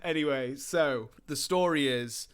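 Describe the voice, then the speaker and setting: A man's voice: medium pitch, a little slow, smooth. A man co-hosting a podcast in casual chat, rambling and laughing often. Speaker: podcast co-host.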